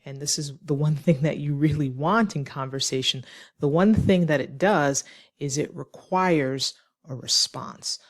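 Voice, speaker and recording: English teacher running an esl lesson on small talk, explaining and acting out little example lines, mid pitched voice.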